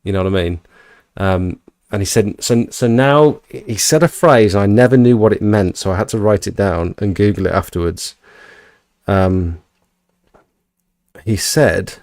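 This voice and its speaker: A man's voice: a little slow, no room sound, studio quality. A man hosting a podcast, telling a story in casual chat and acting out quotes with his voice jumping up. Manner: animated, acts out quotes with rising pitch. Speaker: podcast host.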